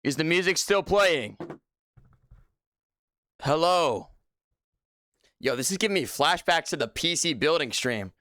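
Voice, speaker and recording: A young man hosts a casual livestream from his home setup, joking and playing at mock seriousness while sitting a few feet back from his desk mic. His fairly high voice is animated, pushed, and bright, delivered unhurriedly with long pauses, in a dry, clean studio-quality recording.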